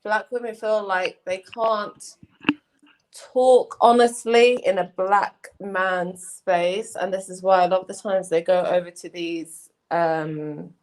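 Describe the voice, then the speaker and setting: A woman's voice: mid-range voice, steady tone, slow pace. A woman with an English accent talking on a panel, passionate and emphatic, slipping into quoted voices as she argues. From England. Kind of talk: heated casual discussion.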